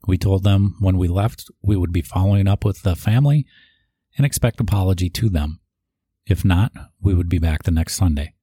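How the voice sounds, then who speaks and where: A man's voice: sits low, normal speed, warm tone, slightly rough, dry recording, studio quality. A man reading written tributes aloud, sometimes stopping to add his own asides. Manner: reads aloud, with asides and restarts. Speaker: eulogy reader.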